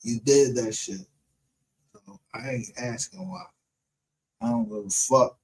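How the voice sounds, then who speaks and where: A man's voice: medium pitch, lively intonation, a little slow, husky, poor audio. A man hosting a livestream, rambling in casual, profane commentary and laughing often. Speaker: livestream show host.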